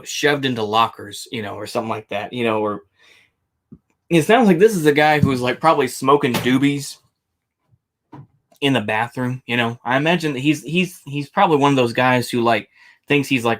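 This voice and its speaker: A man hosting a reaction stream, talking in a casual, sarcastic and argumentative way. He rambles and circles back on his points. His voice sits at an ordinary middle pitch. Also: a bit bright. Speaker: stream host reacting to a video. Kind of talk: casual commentary.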